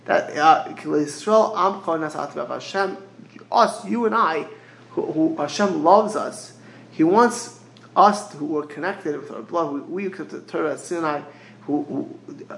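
A man's voice: fairly high pitch, measured pace, gravelly, a bit bright, echoey room, poor audio. A man teaching as a rabbi in a Torah lecture, mixing Hebrew phrases into English and often repeating words as he searches for the next one.

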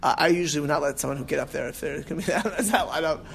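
A man's voice: fairly high pitch, very fast, creaky, a bit bright, slight background noise. A man teaching an informal class on prayer, rambling and restarting with emphatic asides. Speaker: rabbi teaching about prayer.

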